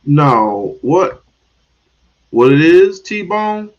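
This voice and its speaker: A man's voice: a little high, very animated, extremely slow, lo-fi sound. A man hosting a livestream, talking bluntly and in a drawl straight to his chat. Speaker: livestream host. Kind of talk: livestream commentary.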